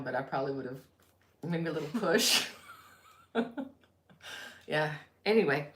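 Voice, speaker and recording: A woman's voice: deep voice, a bit bright, echoey room. A woman from Florida hosting a crochet live stream, chatting casually, reading viewer comments aloud and laughing easily. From Florida, USA.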